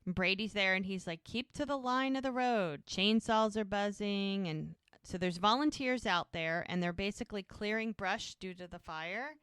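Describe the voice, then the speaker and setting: Smooth-voiced woman podcaster, chatty storyteller. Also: mid-range voice, moderate pace, few pauses, a bit bright, dry recording, studio quality. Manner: chatty storyteller who narrates scenes play by play. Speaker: podcast co-host. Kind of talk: casual chat recapping a TV episode.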